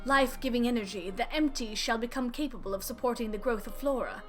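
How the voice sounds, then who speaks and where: A woman's voice: on the high side, fast talker, fairly bright tone, soft background music, lightly acted. A woman reading a learned, formal male elven scholar aloud in ornate, archaic phrasing while streaming a game.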